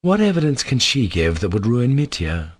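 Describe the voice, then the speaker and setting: A man voicing a timid, warm-hearted young man in an audiobook, speaking softly and earnestly. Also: medium pitch, very animated, normal speed, no echo, voice pushed up. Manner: soft, pleading, earnest delivery. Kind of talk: audiobook character voice.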